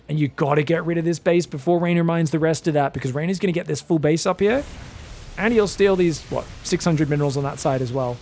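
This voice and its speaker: A man casting a strategy game match, with fast play-by-play and sudden shouted outbursts at big plays. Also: high voice, slight background noise. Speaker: esports caster. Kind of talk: excitable live game commentary.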